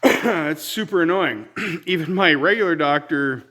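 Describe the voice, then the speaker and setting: A man's voice: fairly high pitch, a little slow, sharp tone. A man from Ontario, telling a rambling, exasperated story in a casual outdoor vlog on his rural homestead. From Ontario, Canada. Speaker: vlogger.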